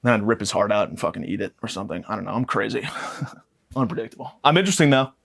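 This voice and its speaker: A man's voice: on the low side, expressive, fast, vocal fry, a bit bright. A young man hosting a podcast, delivering a profane, mock-aggressive comedic rant that rambles from point to point. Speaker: podcast host.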